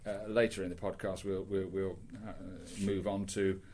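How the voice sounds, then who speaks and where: A man's voice: sits low, level tone, normal speed, a little mellow. A man hosting a casual football podcast, rambling with lots of fillers and restarts. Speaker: podcast host.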